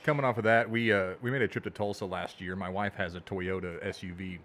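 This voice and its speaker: A man's voice: low-pitched, fairly even intonation, fast, a bit bright, slight background noise. A man co-hosting a casual podcast and telling a road trip story, laughing as he goes. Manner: laughs through his own stories. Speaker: podcast co-host. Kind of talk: casual chat.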